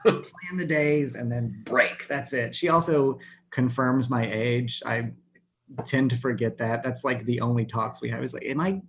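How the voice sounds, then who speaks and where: A man's voice: mid-range voice, steady tone, measured pace, slight background noise. A man in his thirties from Texas doing a stand-up set over a video call, self-deprecating and laughing at his own jokes. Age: 30s. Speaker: stand-up comedian.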